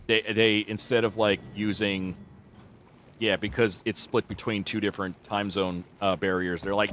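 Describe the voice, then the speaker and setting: A man chatting live while streaming a game, thinking aloud as he goes. His voice sits fairly low. He rambles and restarts his sentences often. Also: level tone, moderate pace, fairly bright tone, soft background music. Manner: rambling, with many fillers and restarts. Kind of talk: live gameplay commentary.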